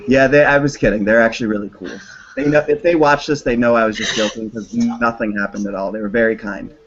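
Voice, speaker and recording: A man's voice: mid-range voice, fairly even intonation, quick pace, slight background noise. A man talking in a casual, joking way during a video call, telling stories and acting out the people in them. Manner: joking, acts out others' voices in his stories. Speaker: channeler. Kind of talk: casual chat. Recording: dull lo-fi video call audio.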